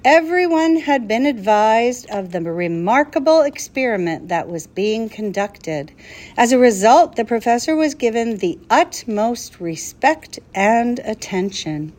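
A woman narrating a children's story in a measured, expressive way. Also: on the high side. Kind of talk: storybook reading.

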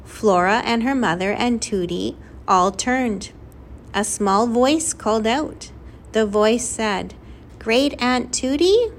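A woman reading a children's novel aloud as narrator, in a clear, lively storytelling manner. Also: mid-range voice, slow, slight background noise. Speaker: audiobook narrator. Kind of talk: scripted narration.

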